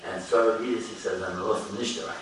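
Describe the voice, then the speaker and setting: A man's voice: fairly even intonation, moderate pace, fairly bright tone, a little hiss or hum. Man preaching in an echoey hall. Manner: rises and falls in pitch, chanting Hebrew quotes. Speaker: rabbi. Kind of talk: Torah lecture. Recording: echoey hall, mic at a distance.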